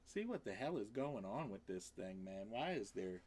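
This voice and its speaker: A man's voice: big pitch swings, normal speed, darkish tone, slight background noise. A man hosting a rambling casual livestream, swearing freely and laughing between lines. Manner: swings into high squeaky voice for quoted exclamations. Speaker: livestream host.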